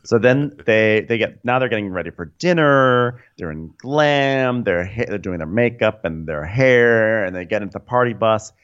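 A man's voice: lowish voice, expressive, moderate pace, hardly any pauses, a bit bright, clean tone, lo-fi sound. A man co-hosting a comedy podcast, chatting and laughing about himself while recapping a reality show. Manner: laughing, self-mocking, chatty. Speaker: podcast co-host.

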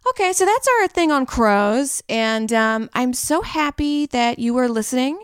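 Bright-voiced woman co-hosting a casual chat. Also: high voice, lively intonation, measured pace, clean tone, no echo, clean studio sound. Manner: rambling, laughing, swearing casually. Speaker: podcast co-host.

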